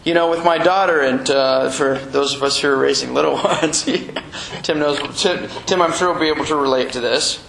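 Guy preaching in church, lively, high voice, echoey room w/ faint hiss. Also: normal speed, creaky. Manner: animated, acts out quotes with chuckles. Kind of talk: sermon.

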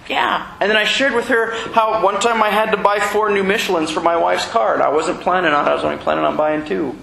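Preaching to his Messianic congregation as its rabbi, a man jokes, adds asides and acts out quotes and small exchanges with listeners. His voice sits high, with a steady, sharp, creaky tone; he talks fairly quickly with few pauses. The sermon is recorded in an echoey room carrying faint noise.

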